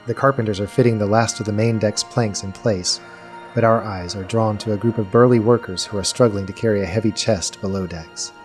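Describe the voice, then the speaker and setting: A man narrating a tabletop game as game master, in slow, descriptive storytelling. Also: fairly low pitch, fairly even intonation, a little mellow, soft background music.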